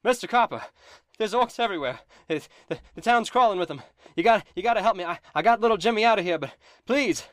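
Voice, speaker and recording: Panicked shopkeeper, male, stammering, very high; dry close sound. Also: animated, fast, a bit bright, no echo. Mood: frantic. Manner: frantic, stammering.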